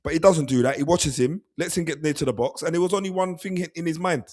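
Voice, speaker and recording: A man co-hosting a football podcast, talking fast and animated, acting out players' thoughts and laughing often. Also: fairly high pitch. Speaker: podcast co-host. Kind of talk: casual football chat.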